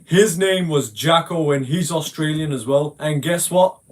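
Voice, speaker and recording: A man's voice: on the high side, a little slow. A man in a voice call, trash-talking and swearing at another player in a mocking, insulting way. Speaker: gamer in a voice call. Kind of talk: casual trash talk.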